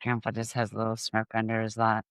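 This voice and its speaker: A middle-aged woman hosting a podcast, telling humorous family stories in an animated way and laughing at her own jokes. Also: extremely low pitch, quick pace, smooth, dry recording, studio quality. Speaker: podcast host.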